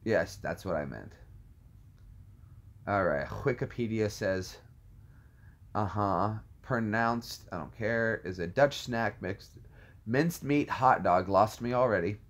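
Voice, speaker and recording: Playful man with a lively, bouncing voice. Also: on the low side, slow, pauses often. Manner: jokey, riffs on movie quotes and puts on silly voices. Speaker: streamer reacting to viewer comments. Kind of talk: casual chat.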